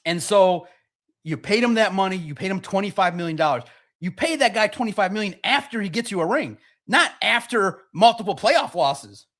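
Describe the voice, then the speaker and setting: High-voiced man ranting emphatically. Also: animated, moderate pace, a bit bright. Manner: emphatic, repetitive, mocking. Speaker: podcast host. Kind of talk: heated sports podcast rant.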